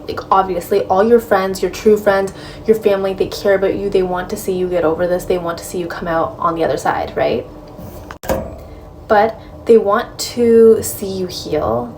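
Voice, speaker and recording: An advice vlogger gives frank, direct breakup advice in casual conversation, peppering her talk with "like" and "right?". Her voice is medium-pitched with a darkish tone. The mic sits slightly distant, picking up faint room noise.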